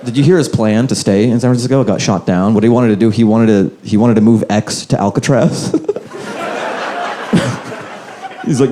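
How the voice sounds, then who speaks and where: A male stand-up comedian doing a loose, conversational set on a club stage, slipping into quick impressions, recorded live with a handheld mic. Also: medium pitch, animated, dark tone, a little hiss or hum. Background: audience laughter.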